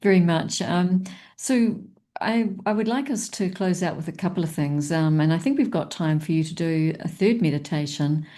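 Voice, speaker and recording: A woman hosting an interview in a gentle, thankful manner. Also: lowish voice, normal speed, few pauses. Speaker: host.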